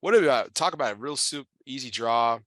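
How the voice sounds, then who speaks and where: A man hosting an interview, talking in a relaxed, halting way with repeated words while he smokes a cigar. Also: mid-range voice, dry recording. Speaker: podcast host. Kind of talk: casual interview chat.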